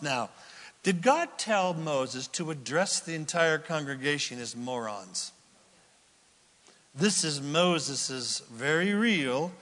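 A man preaching a sermon in a lively, theatrical way, acting out the quotes he reads. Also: fairly high pitch. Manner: animated preaching, acts out quotes loudly. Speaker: pastor. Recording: long hall reverb.

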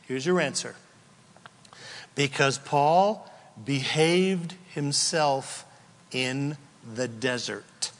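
A male pastor preaching a sermon, emphatic, full of rhetorical questions, sometimes shouting. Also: mid-range voice, drawn-out words, pauses often, big-room sound.

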